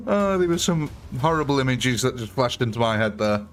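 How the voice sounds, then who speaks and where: A man's voice: medium pitch, expressive, a little fast, few pauses, faint music behind. Chatty male game streamer. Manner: chatty, thanks viewers often. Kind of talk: live stream gameplay commentary.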